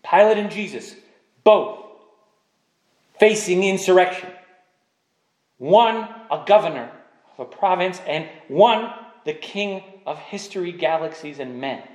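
A man with a notably high voice delivers an emphatic sermon. He drives his points home with repeated rhetorical questions aimed at the listeners. The sound carries a roomy echo. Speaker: preacher.

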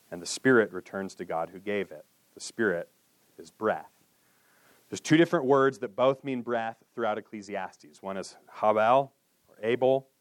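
A man preaching a sermon in an earnest way, dropping to a hushed voice on solemn lines and lifting for emphasis. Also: no echo. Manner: earnest, with drops to a hushed low voice and lifts for emphasis. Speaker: pastor.

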